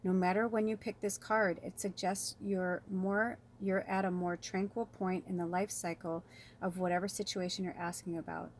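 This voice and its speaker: A woman's voice: fairly low pitch, little pitch movement, moderate pace, a little hiss or hum. A woman giving a casual spiritual card reading, rambling and chatty, reading card passages aloud and talking straight to her viewers. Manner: chatty, rambling, addresses viewers as "you guys"; reads card passages aloud, then riffs on them. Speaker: tarot and oracle card reader.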